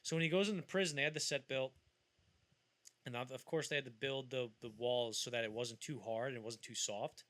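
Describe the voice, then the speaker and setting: A man co-hosting a casual film podcast, rambling through anecdotes and acting out scenes in loud, high voices. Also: fairly even intonation, fairly quick, no room sound. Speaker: podcast co-host.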